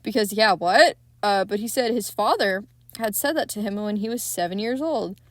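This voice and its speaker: A woman's voice: medium pitch, normal speed, no room sound. Young woman swearing through a film recap. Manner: profane, candid and excitable retelling. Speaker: podcast host.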